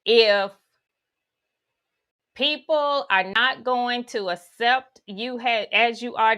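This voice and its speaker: Woman, spiritual teaching talk, folksy asides, slightly high voice, bright tone. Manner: guides listeners through imagery, with folksy asides.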